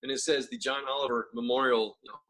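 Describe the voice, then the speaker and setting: A man's voice: medium pitch, steady tone, fast talker, fairly bright tone. A man co-hosting a casual podcast, telling stories in a profane, joking way. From United States. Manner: profane, jokey storyteller. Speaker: co-host.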